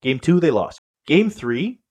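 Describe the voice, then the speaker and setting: A man's voice: fairly high pitch, sing-song, unhurried, a little mellow, slightly rough. A man co-hosting a casual sports podcast, talking in a rambling way with many fillers and restarts. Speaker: podcast co-host.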